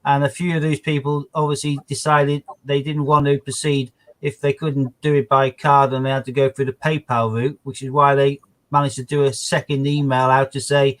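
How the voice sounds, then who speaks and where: A man's voice: medium pitch, level tone, normal speed, low-quality recording. A man co-hosting a casual live stream, chatty and rambling, with indignant asides.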